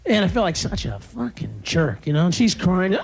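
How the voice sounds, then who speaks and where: A man's voice: sits high, big pitch swings, moderate pace, vocal fry, breathy edge. Man shrieking through a stand-up rant. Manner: ranting, bursts into shrieking screams. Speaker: stand-up comedian. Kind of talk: stand-up routine.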